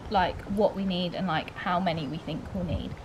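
A woman's voice: fairly low pitch, fairly even intonation, moderate pace, a little hiss or hum. A young woman chatting casually for a vlog, talking through plans step by step. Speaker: vlogger.

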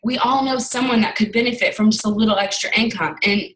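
A woman's voice: fairly high pitch, fairly even intonation, quick pace, a bit bright, distant mic, rough recording. A young woman leading a sales team gives a chatty, candid motivational talk, telling stories and acting out dialogue. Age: young adult. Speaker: network marketing team leader.

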